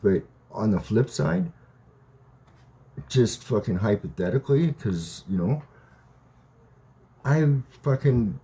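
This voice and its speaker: A man in his thirties rants on his own livestream with a husky, low voice. His pitch swings widely as he gets worked up, and he swears constantly and restarts his sentences. The tone stays warm and mellow underneath. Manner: profane, agitated, rambling with many restarts. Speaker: livestream host. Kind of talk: rambling livestream rant. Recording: live stream from home.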